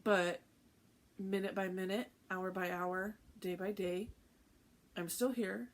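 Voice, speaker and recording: A woman's voice: medium pitch, fairly even intonation, slow pace. A woman hosting a cross-stitch vlog in casual chat, candid and heartfelt, often laughing. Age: adult with a teenage son.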